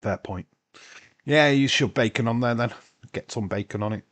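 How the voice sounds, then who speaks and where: A man's voice: medium pitch, normal speed, a bit bright. A man hosting a casual live watch-along stream, chatting loosely, answering viewers' comments and swearing now and then. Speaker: livestream host.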